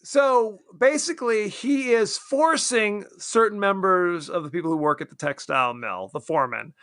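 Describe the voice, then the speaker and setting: A man co-hosting a casual podcast about a horror film, animated and quick to act out characters in silly voices. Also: sits high, clean tone, no echo, studio quality. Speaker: podcast co-host.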